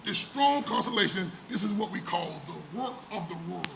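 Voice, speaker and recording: High gravelly preacher man, echoey church. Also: expressive, normal speed. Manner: dramatic preaching with rhetorical questions and repetition. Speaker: pastor. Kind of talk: sermon. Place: church sanctuary. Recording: echoey church room with background noise.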